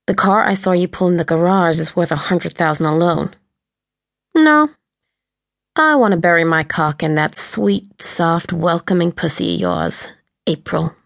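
A woman's voice: fairly low pitch, lively intonation, measured pace, creaky, no echo, clean studio sound. A woman voicing a sardonic male intruder who taunts in a mock cheery tone. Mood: taunting.

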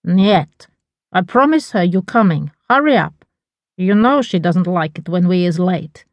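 A woman's voice: lowish voice, expressive, unhurried, no echo, dull audio. A woman voicing a glamorous, scheming Russian mother with a Russian accent who speaks broken English in a commanding way. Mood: bossy.

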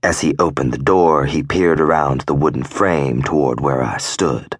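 A man narrating a first-person audiobook in a gruff, growling way, with profane tough-guy dialogue. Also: extremely low pitch, moderate pace, hardly any pauses, dry recording, clean studio sound.

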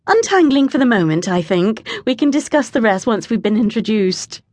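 A woman narrator voicing a spirited young lady of the gentry with an indignant, brisk manner. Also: a little high, lively intonation, darkish tone. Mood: wry.

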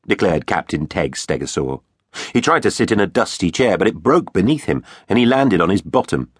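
Deep, animated male narrator for a kids' adventure story, playful and theatrical, dry close studio sound. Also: normal speed, slightly rough, no room sound. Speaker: audiobook narrator. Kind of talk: children's audiobook narration.

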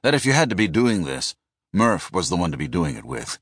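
Deep guy reading a thriller audiobook, dry studio sound, steady and descriptive. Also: creaky, slightly rough, no echo. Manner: measured, descriptive. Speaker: audiobook narrator. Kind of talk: scripted narration.

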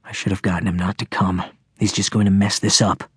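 A man voicing an anxious teenage boy who tries to calm his quarreling friends in an audiobook. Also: medium pitch, unhurried, breathy edge, no room sound, studio quality. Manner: strained, pleading. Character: anxious teenage boy trying to keep peace. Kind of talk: audiobook character voice.

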